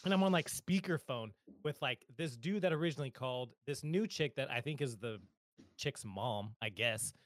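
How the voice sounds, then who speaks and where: A man's voice: medium pitch, normal speed, no room sound. A man co-hosting a podcast, telling a story in casual chat, often laughing and quoting himself. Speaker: podcast co-host.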